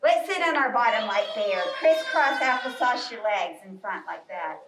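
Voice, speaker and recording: A woman leading a live storytime yoga class for children in a library room, giving slow, encouraging instructions. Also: fairly high pitch, expressive. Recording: roomy, distant, faint noise.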